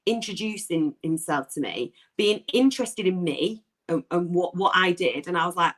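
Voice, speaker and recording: A woman's voice: fairly low pitch, moderate pace, low-quality recording. Bubbly woman guest, laughing a lot. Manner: bubbly, laughs often, animated storyteller. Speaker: guest, sports broadcaster. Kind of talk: casual interview chat.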